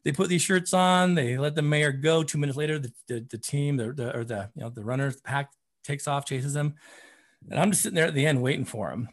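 A man, a therapist and running coach, telling a story in casual conversation, acting out quotes with lots of fillers. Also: mid-range voice. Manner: animated, acts out quotes, many fillers like "you know" and "man".

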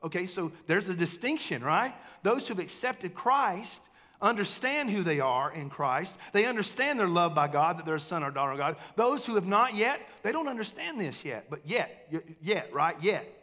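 A man preaching a sermon as pastor, talking with the congregation, calling for amens and swinging between hushed and emphatic lines. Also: sits high, sing-song, normal speed. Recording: long hall reverb.

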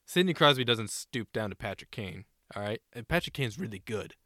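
A man co-hosting a casual sports podcast, animated and a bit profane, often acting out players' shouted lines. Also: medium pitch, fairly quick, dry recording, studio quality. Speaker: co-host.

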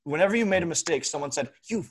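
A man with a slightly raised voice talks earnestly in a relaxed conversation. He explains his point through a long analogy. He clears his throat every so often as he goes. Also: a little high, normal speed. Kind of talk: casual conversation.

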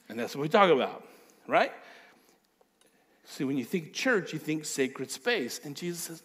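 A man's voice: fairly high pitch, very animated, a little slow, a bit bright. A male pastor preaching a sermon, emphatic, with repeated phrases and acted-out quotes.

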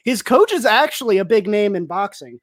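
A young man from El Paso talks in loose podcast chat, his pitch swinging up and down as he rambles. He laughs a lot between thoughts. The sound is dry, with no room around it. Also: a little fast, dry recording. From El Paso, Texas. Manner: laughs often, rambling and animated. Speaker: podcast co-host. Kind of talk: casual chat.

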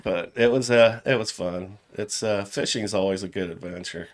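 A middle-aged man from Cincinnati with a fairly low voice tells stories in a relaxed, conversational way. He laughs easily and often lets his sentences drift off quietly at the end. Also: normal speed. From Cincinnati, USA. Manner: relaxed, laughs often, trails off softly at phrase ends. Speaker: jewelry store owner, podcast guest. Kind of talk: casual storytelling chat.

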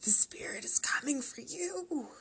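Woman whispering as a raspy spirit-channeling teen girl, whispered role-play. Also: low-pitched, moderate pace, a little mellow, full character voice. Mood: shrieking. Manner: theatrical, shrieking.

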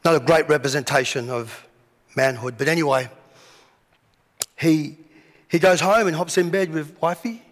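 Male pastor with a high voice who acts out his sermon stories, recorded in a big echoing hall. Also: normal speed, pauses often. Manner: animated storytelling, acts out scenes. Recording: long hall reverb.

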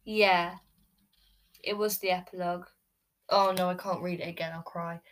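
A woman's voice: on the low side, level tone, moderate pace, rough recording. A woman vlogging from her bed, ranking books in a rambling, gushing way with many fillers. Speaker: book vlogger. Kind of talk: casual book ranking vlog. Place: bedroom, sitting on her bed. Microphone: camera recording.

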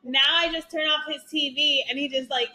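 Woman, young adult, high voice, loud, animated, laughing, casual chat, podcast co-host. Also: brisk.

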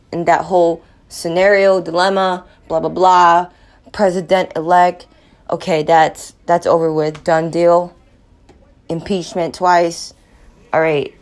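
A woman speaking slowly in an emotional personal monologue, grieving and tearful, often dropping to a near whisper. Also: fairly low pitch, darkish tone. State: tearful, in grief.

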